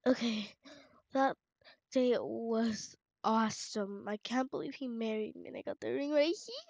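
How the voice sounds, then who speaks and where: A woman's voice: fairly high pitch, creaky, darkish tone, dry recording. A woman hosting a channel who narrates a casual game story aloud as she plays, chatty and rambling. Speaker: channel host. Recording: dull lo-fi home mic, dry. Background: family noise in the home.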